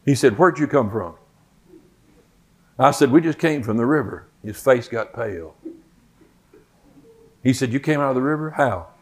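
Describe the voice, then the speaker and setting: A man's voice: medium pitch, lively intonation, normal speed, pauses often. An older man, a Bible teacher, telling a folksy personal story in a sermon and acting out the quoted lines.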